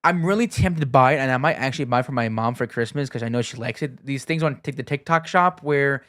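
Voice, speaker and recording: A young man chats as a podcast co-host and tells stories in an easy, casual way. His voice is smooth and clear, with no echo in the room. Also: medium pitch, quick pace, a bit bright, studio quality. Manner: chatty storyteller, swears casually. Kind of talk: casual chat.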